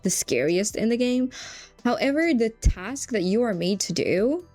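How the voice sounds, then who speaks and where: A young woman vlogging about a horror game in casual chat, animated, swearing often and saying "like" a lot. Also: medium pitch. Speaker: gaming vlogger.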